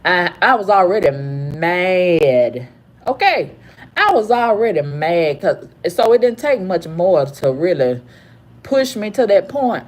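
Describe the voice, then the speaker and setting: A woman in her fifties telling a story in an angry, profane rant, repeating herself and swinging from low growls to high cries. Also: very animated, takes it slowly. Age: 50s. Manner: angry, profane, repetitive ranting. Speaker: vlogger. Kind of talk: heated storytime monologue.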